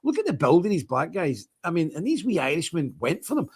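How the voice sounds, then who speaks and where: A man's voice: fairly high pitch, very animated, brisk, slightly rough. A man hosting a livestream, talking in a blunt, emphatic, repetitive way. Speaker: streamer host. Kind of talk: casual livestream monologue.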